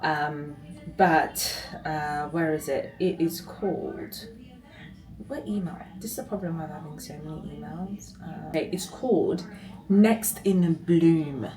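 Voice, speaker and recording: Chatty woman vlogging, low-ish voice. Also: a little mellow, poor audio. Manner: chatty and rambling, quick asides, easy laughs. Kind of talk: casual vlog chat to camera.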